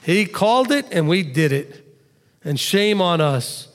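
High-voiced male preacher in a reverberant hall. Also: big pitch swings, measured pace. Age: adult father of two. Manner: conversational, addresses listeners directly with asides. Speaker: pastor. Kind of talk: sermon teaching from scripture.

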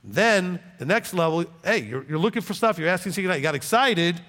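A pastor preaching a sermon in a church in a conversational, animated way, often checking in with "okay?". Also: male voice, high voice, fairly quick, long reverb tail.

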